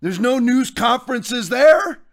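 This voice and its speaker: High-voiced man ranting as a podcast host. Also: animated, unhurried. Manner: fired-up, ranting, preacher-like delivery. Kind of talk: heated podcast commentary.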